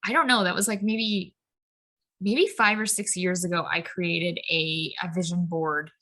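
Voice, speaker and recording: A woman in her thirties co-hosts a podcast of casual spiritual chat, rambling through tangents full of "like" and "um." Her voice sits on the low side, with fairly even intonation, an unhurried pace and a sharp tone.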